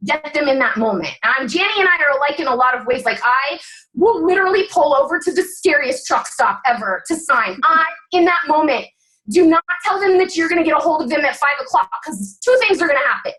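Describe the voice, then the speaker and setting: A woman's voice: high-pitched, lively intonation, brisk, a bit bright, poor audio. A woman giving fired-up, blunt sales coaching as a guest on a video call.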